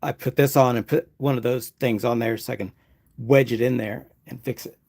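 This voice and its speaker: Gravelly man chatting while woodturning. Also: mid-range voice, normal speed. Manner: relaxed, chatty explaining as he works. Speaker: woodturner streaming his craft. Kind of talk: casual live-stream chat.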